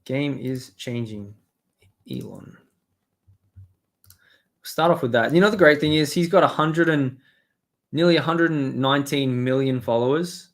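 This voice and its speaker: A man's voice: mid-range voice, unhurried, creaky, pauses often. A man hosting a live stream, rambling and swearing as he reads and answers his chat. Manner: rambling, profane, talks to chat. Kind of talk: casual live-stream commentary.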